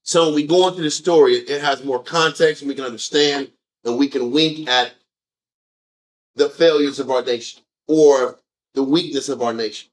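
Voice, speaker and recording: A man leading a group scripture discussion, animated and firing off rhetorical questions. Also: mid-range voice, normal speed. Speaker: discussion leader.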